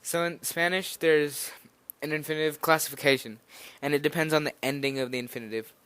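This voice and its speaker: A young man talks through a beginner's lesson in a loose, slightly nervous way, stopping and restarting his sentences. His voice is smooth and clear, recorded close up with a dry, roomless sound. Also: a little high, steady tone, fairly quick, fairly bright tone, dry recording. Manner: nervous, rambling, hesitant with fillers and restarts. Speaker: language teacher. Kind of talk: informal spoken lesson.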